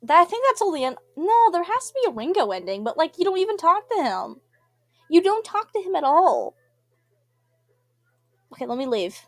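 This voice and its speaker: A woman's voice: very high-pitched, very animated, moderate pace, pauses often, fairly bright tone, no room sound. A young woman playing a story game, reading its text aloud and rambling with giggly asides that trail off mid-word. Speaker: gamer.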